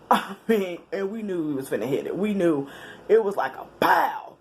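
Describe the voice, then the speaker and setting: Animated woman telling a story, casual slang. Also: lowish voice, moderate pace, husky. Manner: animated, chatty, with slang and laughs. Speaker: vlogger telling a personal story.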